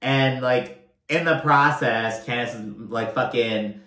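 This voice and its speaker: A man giving a casual, profanity-laced reality TV recap, animated and full of filler like "you know what I mean.". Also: medium pitch, slow pace. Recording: roomy echo.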